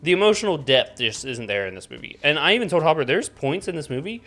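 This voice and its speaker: A man co-hosting a casual film review podcast, agreeable and jokey, backing up his partner with quick yeahs. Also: fairly high pitch, very animated, fairly bright tone. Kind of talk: casual chat.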